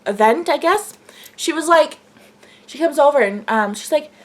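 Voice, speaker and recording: A young woman vlogger telling an excited story in a gushing, breathless way, full of fillers. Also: high voice, moderate pace.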